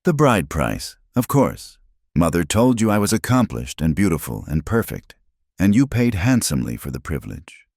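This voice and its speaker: A man reading aloud voicing a bitter young woman with a flat, cruel delivery. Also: sits low, moderate pace, no room sound, clean studio sound, voice pushed up, exaggerated voice.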